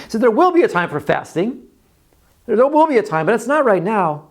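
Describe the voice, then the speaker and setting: A man's voice: very high voice, big pitch swings, brisk. A man preaching a sermon in a conversational way, often repeating words as he talks. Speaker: pastor.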